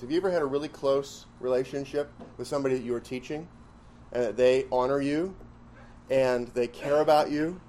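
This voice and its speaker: Fairly high-voiced man teaching a Bible class. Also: a little mellow, slight background noise. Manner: repeats key phrases for emphasis; asks the class questions.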